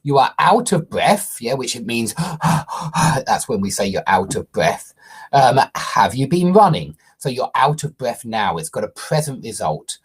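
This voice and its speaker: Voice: mid-range voice, very animated, moderate pace, husky. An English grammar teacher explaining a tense step by step, stressing key points and often checking in with "okay?" or "yeah?".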